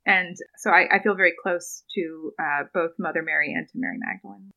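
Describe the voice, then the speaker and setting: A woman's voice: on the low side, big pitch swings, fairly quick, creaky, pushed and bright, rough recording. A young woman, a doctoral student, talking earnestly in a podcast interview and retelling a scripture story, with frequent ums and small laughs. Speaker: podcast guest, doctoral student in biblical studies.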